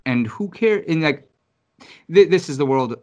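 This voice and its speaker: A man from New York City telling stories in casual conversation, rambling, swearing often and getting animated. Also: a little high, unhurried, muffled recording. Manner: rambling, profane, animated storytelling. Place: Virginia.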